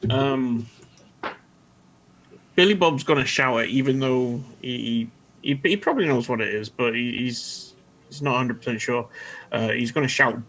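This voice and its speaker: A man with a gravelly, creaky voice at a middle pitch, playing a tabletop game. He stammers and repeats words as he describes what his character does. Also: moderate pace, pauses often, fairly bright tone, poor audio. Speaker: player.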